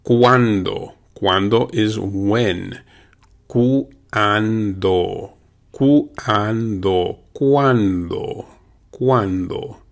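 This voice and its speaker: Slow, gravelly-voiced man teaching words. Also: lowish voice. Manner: patient, repeats words slowly for practice. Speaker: language teacher. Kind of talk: slow repeat-after-me language lesson.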